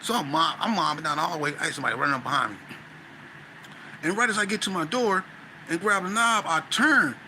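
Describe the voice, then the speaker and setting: A man, a podcast guest, tells a story in a lively, slangy way and acts out scenes with sound effects. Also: a little high, quick pace, a little hiss or hum. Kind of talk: animated storytelling.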